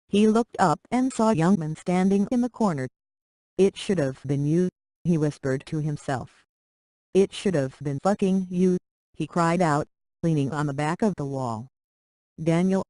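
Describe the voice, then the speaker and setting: A reader narrating a short romance story aloud in a plain, steady way. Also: medium pitch, no echo, poor audio.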